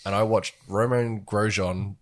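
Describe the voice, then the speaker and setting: Man, very low voice, casual podcast chat, rambling storyteller. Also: fairly even intonation, a little slow. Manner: rambling, filler-heavy storytelling. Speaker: podcast co-host.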